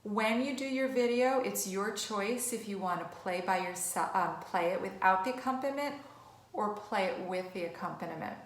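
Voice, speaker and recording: A woman's voice: mid-range voice, normal speed. A woman music teacher giving an online lesson, encouraging and chatty. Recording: echoey room.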